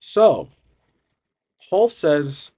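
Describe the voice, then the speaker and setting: A man's voice: fairly high pitch, sing-song, extremely slow, darkish tone, breathy edge. A man narrating a solo tabletop game, thinking aloud and hesitant, with frequent restarts.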